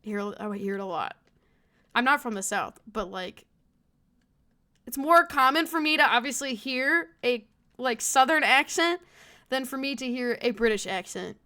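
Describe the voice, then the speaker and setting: An American woman with a somewhat high, sharp-toned voice streams a game at an unhurried pace. She chats casually to herself, giggling and swearing a lot as she gives relaxed gameplay commentary.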